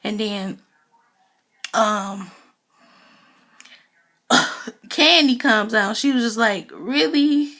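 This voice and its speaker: A woman's voice: mid-range voice, very slow, pauses often, bright, forceful tone. A woman giving a casual, gossipy recap of a reality TV episode, talking loosely with lots of "you know" fillers. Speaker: TV show reviewer.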